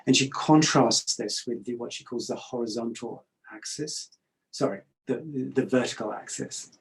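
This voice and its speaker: A middle-aged man giving a reflective talk, calm and measured, pausing often with hesitations. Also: medium pitch, poor audio.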